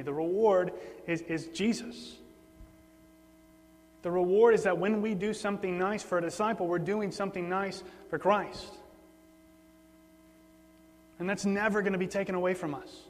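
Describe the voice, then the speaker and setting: A man gives a sermon in a fairly high voice, talking plainly and repeating words to drive a point home. His voice rings out with a long hall reverb, and a faint mains hum sits underneath. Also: fairly even intonation, moderate pace, pauses often. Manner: conversational, repeats words for emphasis. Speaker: preacher.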